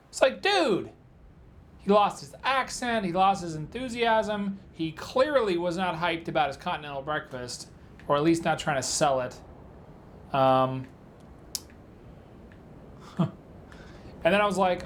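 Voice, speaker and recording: A man's voice: on the high side, moderate pace, long pauses, fairly bright tone, slight background noise. A man giving casual, rambling commentary while playing a video game, full of filler words. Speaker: let's play gamer.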